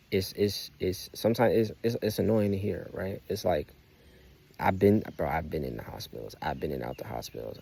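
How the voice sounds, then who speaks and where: A man's voice: deep voice, creaky, mellow, slightly rough. A young man rambling outdoors in a loose, profane, emphatic personal monologue full of restarts. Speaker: vlogger.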